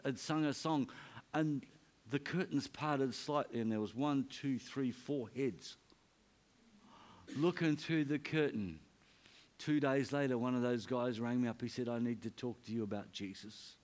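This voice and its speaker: A man preaching a sermon, telling a story in an earnest, soft-spoken way. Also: mid-range voice. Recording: music playing behind.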